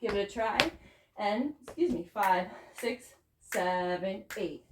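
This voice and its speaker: A woman's voice: medium pitch, takes it slowly. A young woman teaching a tap dance class, counting out beats and cheering students on while out of breath. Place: dance studio. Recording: echoey room with clear noise.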